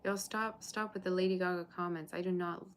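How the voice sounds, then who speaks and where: A woman's voice: fairly low pitch, flat delivery, fast, a little hiss or hum. A woman giving a live tarot reading, chatting and reassuring viewers and replying to their comments. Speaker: tarot reader. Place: borrowed room, indoors.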